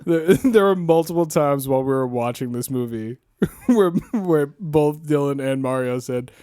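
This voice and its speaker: A man joining a podcast as a guest in casual chat, reacting quickly and laughing easily. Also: on the high side, lively intonation, warm tone, clear, resonant tone, dry recording, studio quality.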